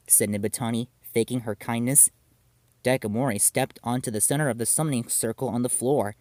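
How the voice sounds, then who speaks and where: A man narrating a story in an animated storytelling manner. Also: medium pitch, fairly quick, no echo.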